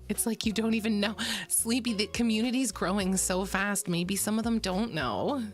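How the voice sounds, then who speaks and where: A woman's voice: mid-range voice, moderate pace, soft background music. A woman streamer chatting playfully with her live chat from a home setup, giggling and joking.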